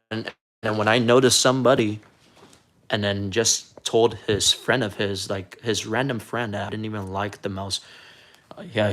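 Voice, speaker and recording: A man from Puerto Rico talking casually on a live stream, rambling and halting, often repeating words as he restarts sentences. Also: lowish voice, fairly bright tone. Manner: defensive, earnest.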